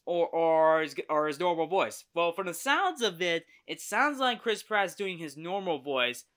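A man's voice: fairly high pitch, sing-song, a little slow, fairly bright tone. A young man hosting a podcast, chatting casually through a movie trailer review, often correcting himself and laughing easily.

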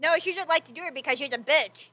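A woman's voice: high voice, fast talker, sharp tone, dry recording. A woman co-hosting a podcast, tossing in blunt, crude asides in casual chat. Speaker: podcast co-host. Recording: dull lo-fi dry sound.

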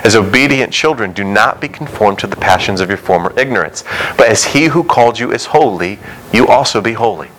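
A man's voice: lowish voice, animated, brisk, a bit bright, slight background noise, poor audio. A young adult male pastor preaching a sermon in a conversational way, acting out quotes and dialogue.

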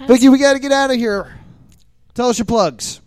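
A podcast host running a live show, rushing through plugs with jokes and self-corrections. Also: sits high, a little mellow. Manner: hurried, scattered, jokey. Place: live comedy venue.

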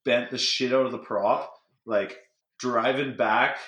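A man's voice: medium pitch, steady tone, unhurried, fairly bright tone, reverberant. A young man casually telling a story to friends, laid-back, full of "like" and swearing. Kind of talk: casual chat.

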